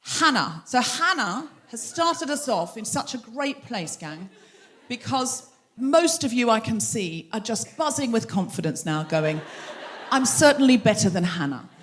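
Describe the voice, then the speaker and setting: A woman's voice: on the high side, big pitch swings, unhurried, fairly bright tone. A middle-aged woman hosting a comedy podcast live on a theatre stage, bantering and teasing the audience. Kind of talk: live stand-up style crowd work.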